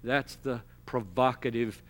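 A man preaching an expository sermon, emphatic, slowing to stress key words and moving between loud exclamations and quiet asides. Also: mid-range voice, steady tone.

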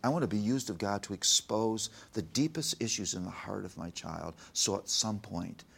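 Gravelly earnest man telling a story. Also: fairly low pitch, normal speed. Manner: preaching, emphatic, retells dialogue softly. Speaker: guest, Christian author on parenting. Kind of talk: earnest interview talk with told anecdotes.

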